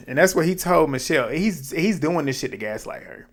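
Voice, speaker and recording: A man giving casual reality TV recap commentary in an animated, blunt way, swearing and laughing at what happened. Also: a little high, a little fast, hardly any pauses.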